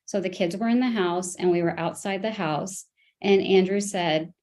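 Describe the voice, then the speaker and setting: A woman testifying in a custody case, telling events in a halting way with many restarts and fillers. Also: fairly low pitch, darkish tone. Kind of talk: court testimony.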